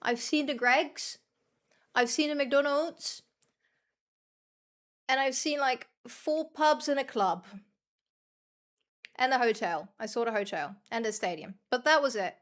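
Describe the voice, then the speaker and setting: A young woman from the Netherlands commentates her gameplay in a high, fairly bright voice, a little slow and with long pauses. As a streamer she chats and rambles to viewers, swearing freely and casually and running herself down.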